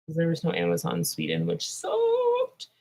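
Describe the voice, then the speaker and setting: A woman's voice: fairly low pitch, wildly swooping pitch, normal speed, warm tone, rough recording. A young woman vlogger answering viewer questions in a rambling, drowsy way that trails off into mumbles. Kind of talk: casual livestream Q&A chat.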